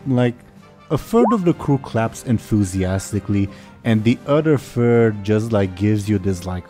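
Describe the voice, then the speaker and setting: Lively, low-voiced male game master. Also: measured pace, soft background music. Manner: casual, with many fillers and laughs. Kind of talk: narrating a tabletop game.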